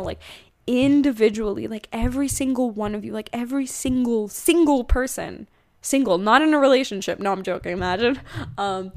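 A young woman hosting her own podcast, talking casually and rambling, with lots of fillers and self-corrections. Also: mid-range voice. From United States. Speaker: podcast host. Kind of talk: casual solo podcast monologue.

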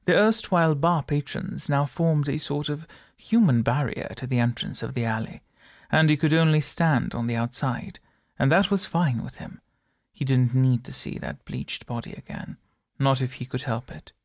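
A man reads a story aloud at a steady, measured pace on a close studio mic. His mid-pitched voice has a gravelly texture, and the recording is dry, with no room sound. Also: no room sound. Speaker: narrator. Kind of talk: audiobook narration.

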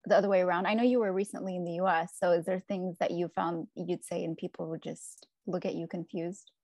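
A woman's voice: fairly low pitch, steady tone, brisk, a little mellow, no room sound. Brief: friendly American woman from California, video-call chat, dry close sound, filler-heavy. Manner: friendly, curious, many fillers.

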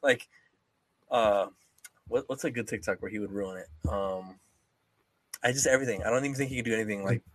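A man's voice: fairly low pitch, a little fast, pauses often, no room sound. A young man co-hosting a podcast, rambling and joking, swearing freely and mimicking people in casual chat. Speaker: podcast co-host.

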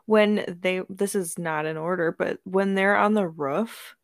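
A woman's voice: lowish voice, steady tone, a little slow, no room sound. Woman, casual podcast chat, laughs often, dry close mic. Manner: laughs often, reads from notes, chatty. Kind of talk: casual movie recap chat.

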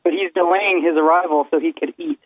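A man's voice: high voice, a little fast, dry recording. A man co-hosting a podcast, telling stories in an easygoing, laid-back way over a phone line. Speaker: podcast co-host. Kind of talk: casual podcast banter.

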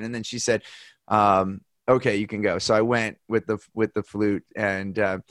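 A man's voice: mid-range voice, fairly bright tone, dry recording. A man hosting a casual conversation, telling a long personal story in a candid, rambling way.

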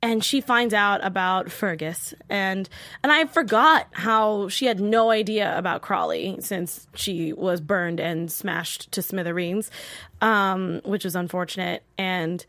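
A woman hosting a casual TV episode recap, chatty and animated, often acting out characters' lines. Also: mid-range voice, a little slow, no room sound. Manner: chatty, peppered with "like". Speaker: host.

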